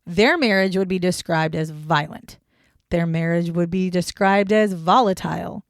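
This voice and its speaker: A woman's voice: fairly low pitch, moderate pace, dry recording, studio quality. A young woman co-hosting a true crime podcast, talking casually and bluntly, swearing freely. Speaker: podcast co-host.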